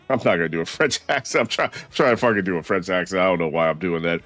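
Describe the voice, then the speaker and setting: Low-voiced gamer swearing casually. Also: male voice, expressive, quick pace, a bit bright, dry recording, soft background music. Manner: blunt, swears casually, wry laughs. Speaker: streamer playing a video game. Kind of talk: casual gameplay commentary.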